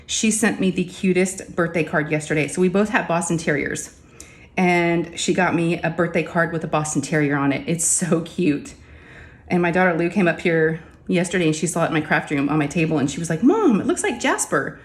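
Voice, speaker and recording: A woman's voice: lowish voice, steady tone, fairly quick. A woman, chatting casually and ramblingly to her viewers from her home craft room. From Texas. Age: 40s. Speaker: crafting vlogger.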